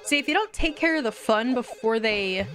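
Her voice is a little high and her speed normal as she live-streams a video game. The young woman chats and giggles while reacting to the screen, squealing excitedly whenever she wins.

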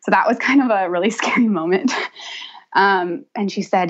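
A woman's voice: medium pitch, normal speed. Chatty young woman, lo-fi sound. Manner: chatty, laughs often, animated quoting. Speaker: podcast guest. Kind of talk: casual interview storytelling.

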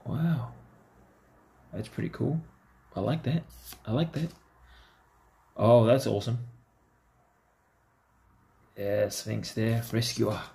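A man's voice: mid-range voice, fairly even intonation, slow pace, gravelly, pauses often, dark tone. A man giving casual, chatty commentary to himself as he opens trading card packs. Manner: talks to himself, easygoing and chatty. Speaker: card-opening vlogger.

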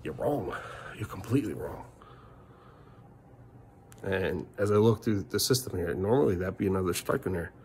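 Middle-aged male vlogger, rambling frustrated rant on a phone mic, gravelly voice, faint noise behind. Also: sits low, animated, normal speed, pauses often, a little mellow. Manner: rambling, repeats himself, swears. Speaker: family vlogger.

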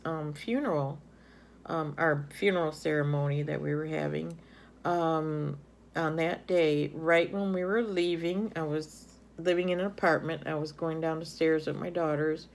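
A middle-aged woman chatting casually in a haul video, gushing over items with lots of ums. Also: low-pitched. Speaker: haul vlogger. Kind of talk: casual show-and-tell chat.

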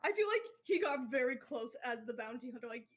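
Casting: woman, high voice, hesitant filler-heavy podcast chat. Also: big pitch swings, fairly quick.

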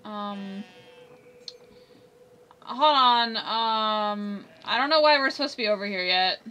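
A woman's voice: mid-range voice, takes it slowly, bright, forceful tone, clean tone, lo-fi sound. A woman giving chatty, giggly let's-play commentary, talking back to the game characters. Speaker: gameplay commentator.

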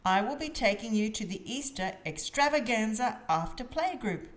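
A kind gazelle schoolteacher in a storybook, given voice by a woman reading aloud. She talks slowly and gently to the children, her voice rising and falling with lively warmth. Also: fairly high pitch, natural voice. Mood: kindly. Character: kind female gazelle teacher.

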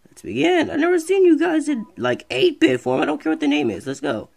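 A streamer giving casual let's-play commentary, excitable and rambling, talking back to the game. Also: sits high, fairly quick, vocal fry. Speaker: gameplay streamer.

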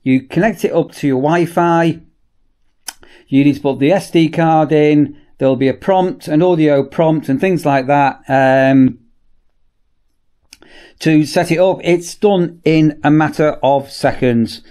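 Man, casual product demo, slightly higher voice, chatty with ums, workshop. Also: measured pace, dark tone. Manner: chatty, repeats "as I say", frequent ums. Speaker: product reviewer.

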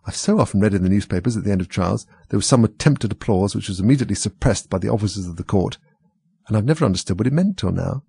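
A man voicing a polite, curious young girl, speaking in his own low, gravelly voice. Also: expressive, fast talker, mellow, dry recording, full character voice. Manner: meek to bold, thoughtful.

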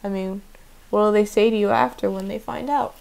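A woman voicing an earnest teenage country boy who talks in a folksy, hushed and urgent way. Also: medium pitch, steady tone, moderate pace, vocal fry, close to an everyday voice, low-quality recording. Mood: hesitant.

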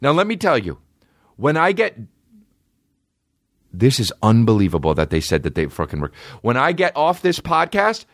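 A man hosting a podcast, telling a comedic rant in a profane voice that drops to a low mutter and rises to high-pitched yelling. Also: no room sound, clean studio sound. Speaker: podcast host. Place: podcast studio.

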